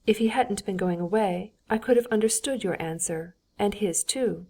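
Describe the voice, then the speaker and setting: A woman voicing a fashionable high-society princess who speaks in an affable, ironic, persuasive manner, in an audiobook. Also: normal speed, darkish tone, lightly acted.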